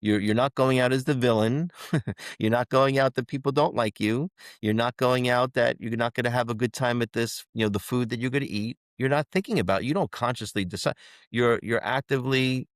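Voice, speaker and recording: A man co-hosting a spiritual podcast, talking casually in halting bursts, repeating words and laughing between points. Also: mid-range voice, dry recording, clean studio sound. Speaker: podcast co-host.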